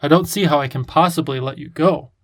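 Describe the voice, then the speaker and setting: A man voicing an excitable, lovestruck creature king who talks with a lisp. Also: on the high side, a little fast, lightly acted. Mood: worried.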